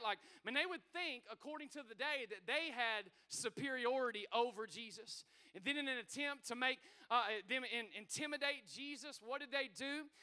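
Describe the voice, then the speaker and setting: Brief: male pastor, high bright tenor, energetic folksy sermon delivery. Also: clear, resonant tone. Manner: energetic preaching, calls to the congregation; conversational, folksy asides. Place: church sanctuary with congregation.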